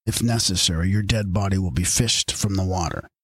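A man with a deep, husky voice reads briskly from an audiobook. He voices the solemn spokesman of a secret order delivering formal pronouncements.

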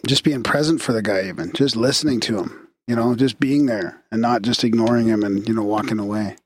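A man's voice: lowish voice, fairly quick. A man hosting a podcast, chatting casually and agreeably with his guest. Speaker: podcast host. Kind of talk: casual chat.

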